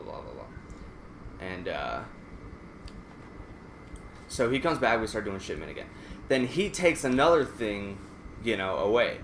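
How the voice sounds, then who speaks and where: A let's play gamer with a fairly low voice tells a rambling, profane story while playing, restarting as he goes. The room sounds echoey, with slight background noise.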